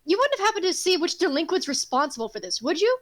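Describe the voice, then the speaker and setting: A woman's voice: extremely high pitch, big pitch swings, fast talker, a bit bright, voice pushed up, full character voice. A woman voicing a stern, suspicious armored male guard who barks commands. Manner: barking commands.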